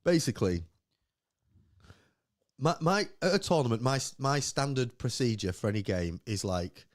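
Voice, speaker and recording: A man's voice: mid-range voice, moderate pace, pauses often, dry recording. Rambling man on a dry mic. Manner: rambling, animated storytelling with acted-out quotes. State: drinking beer. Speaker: podcast co-host. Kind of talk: casual chat.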